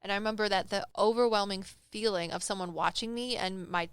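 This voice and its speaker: A young woman casually telling a personal story on a podcast, animated and acting out the people she quotes. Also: medium pitch, brisk, clear, resonant tone, dry recording. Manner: animated, acts out quoted voices, laughs often. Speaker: medium telling stories on a podcast.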